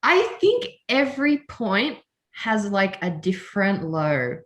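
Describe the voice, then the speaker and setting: A woman's voice: mid-range voice, big pitch swings, slow pace. A woman hosting a podcast, chatting casually and effusively, often laughing and emotional. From Australia. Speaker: podcast host. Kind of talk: casual chat.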